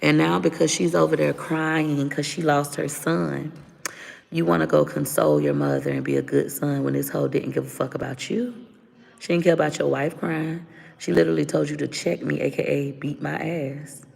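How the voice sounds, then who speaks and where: A blunt woman in her thirties vents to her viewers in a casual livestream. Her voice is heavily gravelly with lots of vocal fry, and it trails off into a long, reverberant echo. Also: low voice, fairly even intonation, moderate pace, a little mellow. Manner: blunt, candid, venting. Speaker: livestream host.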